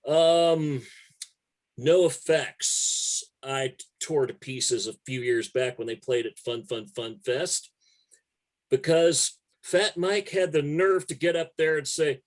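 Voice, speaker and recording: A man's voice: fairly high pitch, takes it slowly. A man, a music writer guest telling stories in a casual, profane and emphatic way. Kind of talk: casual conversation.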